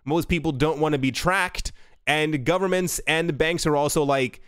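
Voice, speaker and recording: Man, crypto news commentary, rambling asides, smooth voice, dry close mic. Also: a little high, normal speed, a bit bright, no echo. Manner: rambling, self-correcting, chatty asides. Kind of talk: casual news commentary reading articles.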